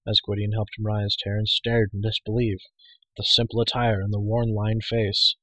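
A man narrates an audiobook in a steady, even storytelling manner. His voice is low and husky. The recording is dry and close on the mic. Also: normal speed, dry recording, rough recording.

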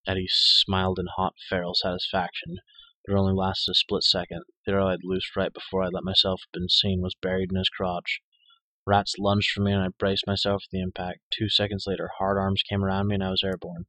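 Deep guy reading a dark fantasy audiobook, forceful tone, dry close sound. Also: monotone, brisk, no room sound, rough recording. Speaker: audiobook narrator. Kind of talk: first-person audiobook narration.

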